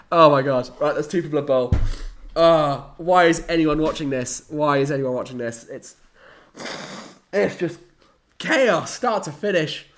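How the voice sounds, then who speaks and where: A man's voice: fairly high pitch, sing-song, takes it slowly, long pauses, a bit bright. A young man chats his way through a live stream, his voice swinging up and down a lot. He talks in a light, slightly raised register, playfully dramatic and chatty throughout. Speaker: hobby streamer. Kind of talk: casual live-stream chat.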